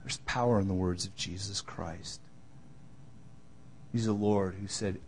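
A man preaching a sermon, moving between loud emphatic lines and quiet, tender asides. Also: low-pitched, steady tone, unhurried, long pauses. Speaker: pastor.

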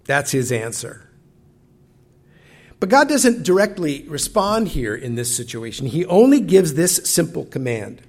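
A man's voice: a little high, sing-song, unhurried, darkish tone. A male preacher giving a sermon in a reflective manner, often asking his listeners questions directly. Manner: reflective, talks directly to the congregation.

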